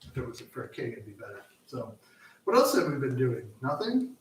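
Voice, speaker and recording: This co-host of a live cooking show chats while he cooks, rambling and restarting often amid lots of fillers. His voice is mid-range, very animated, and a little fast. Faint noise and a distant mic give the recording a roomy sound.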